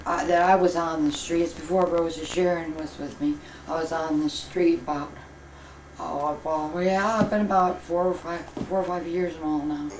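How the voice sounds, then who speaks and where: A woman's voice: deep voice, steady tone, moderate pace, a little mellow, roomy sound, slight background noise, close to an everyday voice, rough recording. An older actress playing a rambling, folksy homeless grandmother caring for a baby, hesitant and talkative.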